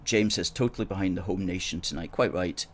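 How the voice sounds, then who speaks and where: A man hosts a live stream in a somewhat low voice, reading viewer comments aloud. He pushes each point with emphatic repetition and an opinionated edge. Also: a little fast, breathy edge. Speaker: host. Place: studio in Glasgow.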